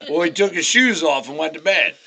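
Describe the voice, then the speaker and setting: A man in his forties from Pennsylvania, hosting a casual chat and telling profane, animated stories. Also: on the high side, a little fast. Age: 40s. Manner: profane, animated storyteller acting out friends' voices. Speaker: podcast host.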